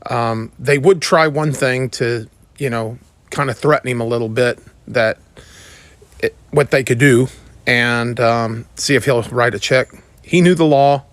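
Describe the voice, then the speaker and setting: A middle-aged man who remodels bathrooms, telling a story in a casual, halting way. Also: medium pitch, no room sound. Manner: halting, with fillers and restarts.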